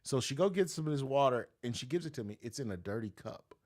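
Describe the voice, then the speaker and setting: A man, a notary business owner, telling stories casually in an interview and acting out the voices he quotes. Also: fast talker. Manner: animated, acts out quoted voices with big pitch jumps.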